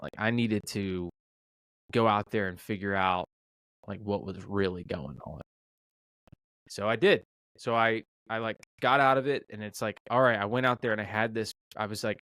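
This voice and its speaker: A middle-aged man with a somewhat low voice tells a story in a relaxed interview and plays out each exchange with quick restarts and fillers. The sound is dry and close, with no room around it. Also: smooth, no echo. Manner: animated storyteller, acts out quoted dialogue, many fillers and restarts. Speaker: restaurant owner, podcast guest.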